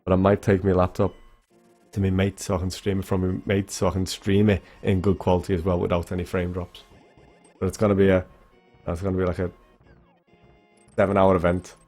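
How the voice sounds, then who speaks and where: A young man with a deep, low-pitched voice talks loosely to his stream viewers, swearing now and then and jumping between thoughts. Faint music plays under his chatter. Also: completely flat delivery, a little fast, long pauses, a little mellow. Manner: rambling, swearing, talks straight to chat. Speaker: speedrunner streamer. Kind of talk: casual livestream chat with viewers.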